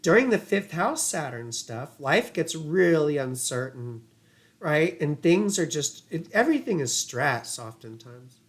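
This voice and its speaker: A woman's voice: sits low, big pitch swings, measured pace. A woman astrologer giving casual livestream chart readings, rambling and chatty with laughing asides and casual swearing.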